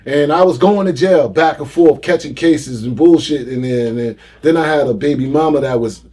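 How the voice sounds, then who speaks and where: Brief: middle-aged New man, podcast guest, lively storyteller, pitch sits a bit high. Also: moderate pace. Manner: animated storyteller, acts out quoted voices. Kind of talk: casual storytelling interview.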